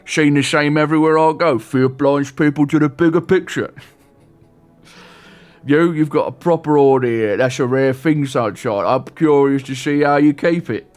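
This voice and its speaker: A man voicing a menacing male survivor leader in a video game, with a Cockney accent and a loud, swaggering delivery. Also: a little high, moderate pace, close to an everyday voice.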